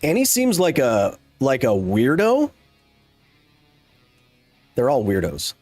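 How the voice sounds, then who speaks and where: A man's voice: mid-range voice, huge pitch swings, takes it slowly, a little mellow, dry recording, soft background music. A man hosting a live stream, ranting casually in a sarcastic, exasperated way. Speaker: streamer host.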